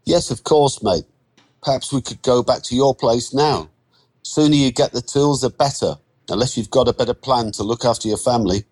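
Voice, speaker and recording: A man reading a story and voicing a male loan shark who is falsely friendly and quietly threatening. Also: medium pitch, normal speed, pitched above the performer's own voice, close to an everyday voice. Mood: matey.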